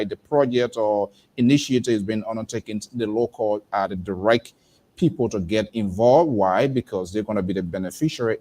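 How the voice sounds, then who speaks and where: A man hosting a TV interview, talking in a lively, conversational way. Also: lowish voice. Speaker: TV host.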